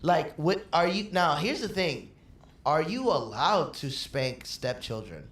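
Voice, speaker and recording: A man's voice: on the high side, slow pace. A man co-hosting a casual podcast chat, telling stories with lots of acted-out quotes. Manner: animated storyteller who acts out quotes. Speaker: podcast co-host. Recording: roomy room with faint background noise.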